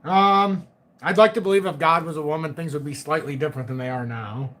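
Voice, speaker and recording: A man's voice: a little high, fairly quick, fairly bright tone. A middle-aged man hosting a live chat stream, joking, laughing often and swearing casually. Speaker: livestream host.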